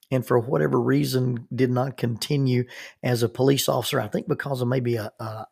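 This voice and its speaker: Husky man telling a story. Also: mid-range voice, darkish tone. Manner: earnest, halting with restarts. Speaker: minister. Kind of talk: personal storytelling.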